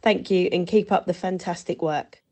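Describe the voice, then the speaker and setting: A woman's voice: on the low side, normal speed, a little mellow. A woman, a listener sending in a recorded question to a podcast, asking politely and inquisitively.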